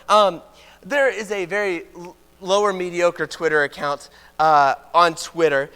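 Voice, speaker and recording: A man's voice: sits high, fairly even intonation, unhurried, pushed and bright, clear, resonant tone, big-room sound. A man giving a conversational sermon as a preacher, informal with joking asides. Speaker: preacher teaching a Bible class. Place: church auditorium.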